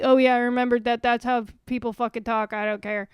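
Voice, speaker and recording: A woman's voice: on the high side, racing, few pauses, clean tone, no echo, clean studio sound. A young woman from the suburbs, co-hosting a comedy podcast in a swearing, ranting, over-caffeinated way. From Philadelphia suburbs. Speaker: podcast co-host. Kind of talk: casual comedic chat.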